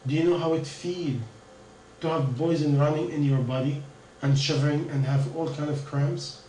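A man telling a story in a sermon, earnest, with halting non-native English, often putting questions to his listeners. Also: fairly high pitch, fairly even intonation, darkish tone, a little hiss or hum. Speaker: preacher. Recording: echoey room, mic at a distance.

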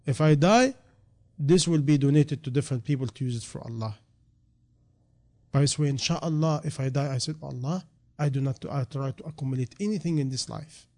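A man preaching a sermon in non-native English, dropping to quiet reflection and then rising into loud, emphatic calls. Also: mid-range voice, a little fast.

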